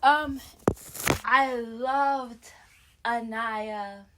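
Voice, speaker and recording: A woman's voice: fairly high pitch, steady tone, drawn-out words, background noise. A young woman with a Canadian accent recapping a reality show, talking straight to her viewers with blunt opinions. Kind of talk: casual chat.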